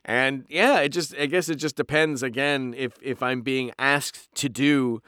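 With a clear, resonant, mid-range voice and a measured pace, this Canadian voice actor chats casually as an interview guest, spinning animated stories from the booth and slipping into impressions. There is no room sound, just clean studio audio.

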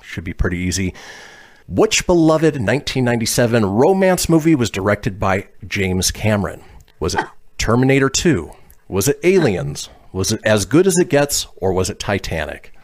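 Lively-voiced man reading trivia questions. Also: fairly low pitch, moderate pace. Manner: reads multiple-choice questions, laughs often. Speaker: quiz host. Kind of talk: casual podcast trivia.

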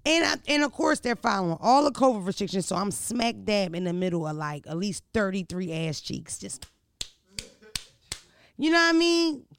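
A woman, hosting a podcast and telling stories in a brash, profane, animated way. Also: medium pitch, moderate pace, gravelly, smooth. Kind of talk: casual storytelling chat.

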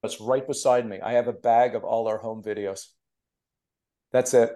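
Man, from Canada, animated storyteller, casual podcast interview, remote call. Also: mid-range voice, moderate pace. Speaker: guest, TV producer and author.

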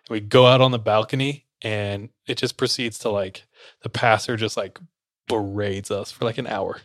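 A man's voice: fairly low pitch, fairly even intonation, brisk, no echo. Young man telling a story, very dry sound. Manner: loose, laughing, acts out quotes. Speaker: podcast co-host. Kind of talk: casual storytelling chat.

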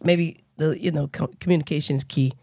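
A woman's voice: sits low, steady tone, brisk, warm tone, slightly rough, no room sound, clean studio sound. A woman co-hosting a podcast, chatting loosely and teasing her friends with frequent laughs. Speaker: podcast co-host. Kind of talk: casual chat.

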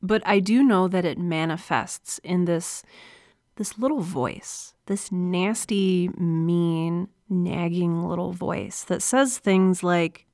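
A woman's voice: lowish voice, slow pace, a little mellow, no echo. A woman hosting her own solo podcast, speaking earnestly and confessionally into a close microphone, with an encouraging manner. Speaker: podcast host. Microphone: close studio mic.

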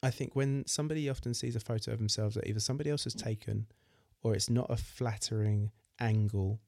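A man's voice: fairly low pitch, fairly even intonation, quick pace, vocal fry, darkish tone, no echo, clean studio sound. A man hosting a podcast, talking supportively with his guest and repeating words as he gathers his thoughts. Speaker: podcast host. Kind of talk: casual interview chat.

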